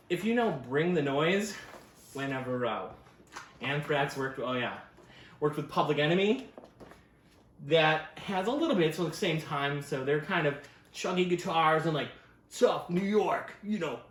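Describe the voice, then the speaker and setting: A man's voice: mid-range voice, fairly bright tone, echoey room. A man hosting a casual record review show, talking enthusiastically and rambling, with many fillers and self-corrections. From United States. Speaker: record store owner and show host. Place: record store.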